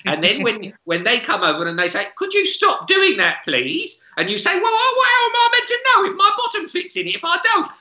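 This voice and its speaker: A man's voice: very high voice, wildly swooping pitch, brisk, few pauses, pushed and bright, exaggerated voice. Cackling old crone lady, a guy putting her on, piercing and swoopy, echoey home call. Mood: cackling, cursing. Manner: swings between cooing and snapping, cackles. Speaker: comedy club co-host. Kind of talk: improvised comic character bit.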